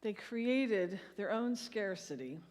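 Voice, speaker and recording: A woman's voice: medium pitch, lively intonation, slow, darkish tone. A woman pastor preaching a sermon to her congregation and leading them in a shared recitation. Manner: leads congregation in reciting a psalm. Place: large church sanctuary. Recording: long hall reverb.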